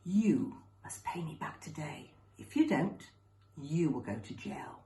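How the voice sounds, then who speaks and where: A woman's voice: low-pitched, animated, slow pace, warm tone, voice pushed down, heavily acted. A woman voicing a male servant who begs and pleads, recorded with a roomy echo. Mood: harsh. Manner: begging and pleading.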